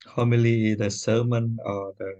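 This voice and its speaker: A man who is not a native English speaker, a priest in an online pronunciation lesson, who repeats words haltingly after his teacher. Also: medium pitch, flat delivery, dark tone, lo-fi sound. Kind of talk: online tutoring session.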